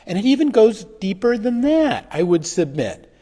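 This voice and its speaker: A man giving a pastor's sermon reflection, halting and full of restarts and fillers as he talks. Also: high voice, big pitch swings, warm tone. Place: church. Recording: livestream with long hall reverb.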